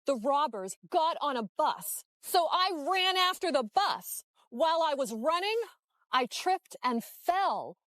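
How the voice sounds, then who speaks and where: An actress playing an excitable young woman who witnessed a robbery, in a scripted scene for English learners, speaking slowly and clearly. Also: high voice, no echo, heavily acted. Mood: animated. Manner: animated, slow and clear. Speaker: eyewitness in a lesson video.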